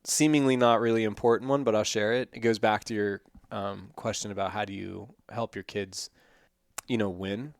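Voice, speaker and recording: Excitable man, dry close mic. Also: fairly low pitch, normal speed, dry recording. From Iran. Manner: excitable, animated, laughs often. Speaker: podcast guest. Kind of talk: casual interview chat.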